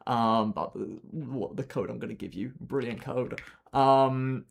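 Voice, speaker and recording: A man's voice: medium pitch, measured pace, vocal fry, fairly bright tone. A man streaming a game live, rambling and exasperated as he gives teammates step-by-step directions, sounding tired. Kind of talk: live gameplay commentary.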